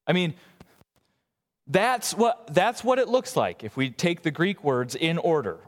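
A man preaching a sermon, swinging from emphatic raised lines to quiet, slow asides. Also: on the high side, animated, big-room sound. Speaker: pastor.

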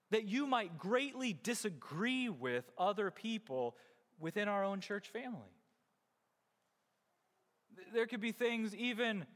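Animated man preaching in a reverberant hall. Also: high-pitched. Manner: emphatic, rising and falling preaching delivery. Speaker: pastor. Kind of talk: sermon.

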